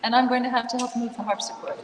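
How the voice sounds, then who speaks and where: An American woman, the host, speaks with eager enthusiasm at a mid pitch. She sits far from the mic. A big room adds a long, ringing reverb around her voice. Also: flat delivery, racing, noisy background. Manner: enthusiastic, talkative. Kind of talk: live event conversation. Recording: echoey hall, voice from far off.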